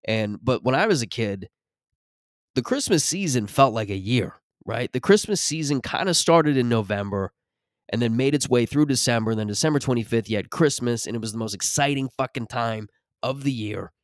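A man's voice: medium pitch, lively intonation, normal speed, no room sound, clean studio sound. A man in his thirties, hosting a podcast, in a rambling and profane comic rant. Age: 30s. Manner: rambling, profane, self-interrupting. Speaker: podcast host. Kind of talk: comedic solo rant.

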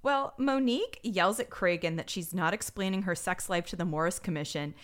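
A woman's voice: lowish voice, a little fast. A young woman co-hosting a podcast, wryly recapping a TV episode in casual chat and mimicking the characters. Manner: wry, expressive, mimics yelling characters. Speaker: podcast co-host.

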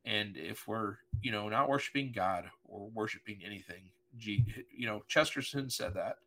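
A man's voice: lowish voice, normal speed, bright, forceful tone. A middle-aged man, a pastor, telling a personal story in an earnest, emotional way during a podcast conversation. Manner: earnest, emotional, vivid retelling with voiced quotes.

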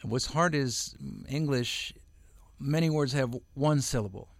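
A man's voice: mid-range voice, unhurried, vocal fry, dry recording. A middle-aged man, a voice-over artist, chatting as an interview guest at home, rambling with lots of fillers and restarts. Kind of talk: casual interview chat.

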